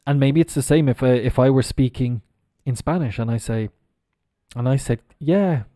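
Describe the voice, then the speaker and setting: A man's voice: mid-range voice, steady tone, moderate pace, dark tone, dry recording, studio quality. A middle-aged Irish man teaching English pronunciation on a live stream, explaining patiently and spelling words out letter by letter. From Ireland.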